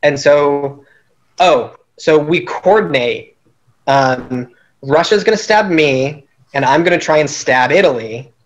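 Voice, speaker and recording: A man's voice: a little high, slow pace, muffled recording. A man casually recapping a strategy game he played, telling it animatedly and laughing at his own schemes.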